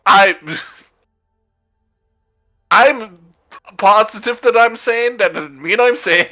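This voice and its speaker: A man's voice: high voice, takes it slowly, bright, forceful tone, soft background music, rough recording. A man playing a tabletop game, chatting casually, rambling and laughing as he jokes with the group. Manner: rambling, joking, laughs often. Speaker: player.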